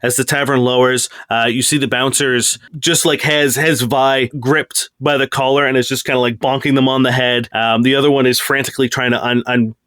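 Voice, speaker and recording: A man's voice: medium pitch, little pitch movement, fairly quick, few pauses, a bit bright, clean tone, no echo. A man running a tabletop game as game master, narrating loosely with many fillers.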